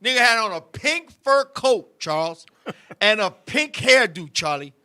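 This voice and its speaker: A man's voice: sits high, expressive, a little slow, pushed and bright, smooth. A middle-aged man hosting a live-stream talk show, telling a story in a heated, profane way and talking to his co-host and viewers.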